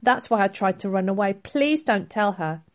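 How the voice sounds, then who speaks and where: A woman's voice: mid-range voice, moderate pace, pitched above the performer's own voice, close to an everyday voice. A woman voicing a poor, ashamed boy who stammers and pleads, in a storybook reading. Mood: pleading.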